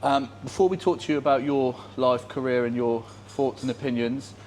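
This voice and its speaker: A man's voice: mid-range voice, fairly even intonation, moderate pace, darkish tone, slight background noise. A man hosting a podcast in casual chat, leaning into friendly teasing banter. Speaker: podcast host.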